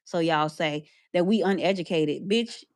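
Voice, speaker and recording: A young Southern woman with a Southern accent talks bluntly and swears freely, circling back over her own words. Her voice sits fairly low and sounds close and dry, with no room around it. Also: a little slow, no room sound. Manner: blunt, profane, repeats herself. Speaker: podcast co-host. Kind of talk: casual chat.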